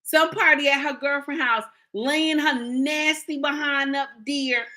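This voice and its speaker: A woman's voice: sits high, fairly even intonation, unhurried, pushed and bright. A woman, ranting in a sassy, indignant casual monologue to her viewers and acting out the people she quotes. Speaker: commentator.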